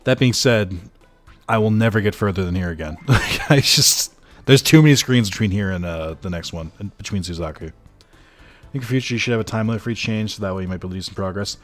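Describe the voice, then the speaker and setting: Over soft background music, a young streamer with a fairly low voice talks fast as he plays a game. He's chatty and jokey, addressing his chat directly and rambling along with frequent fillers.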